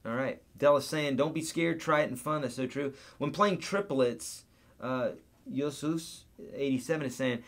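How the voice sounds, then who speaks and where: A man's voice: medium pitch, normal speed. A man hosting a live guitar Q&A, chatting casually, reading viewer comments aloud and counting out beats and picking patterns.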